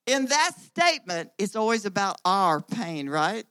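A woman preacher delivers a sermon to a room of women, hammering home each point with repeated phrases. Her mid-pitched voice swells in volume on the big lines and then drops back. The recording is close and dry, with no room echo. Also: animated, normal speed, a bit bright.

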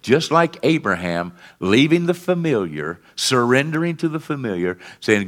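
A male pastor preaching a sermon, calling out to the congregation for responses and swinging between fervent peaks and quiet lows. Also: sing-song, normal speed, few pauses. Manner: rises to fervent emphatic peaks, then drops low and quiet.

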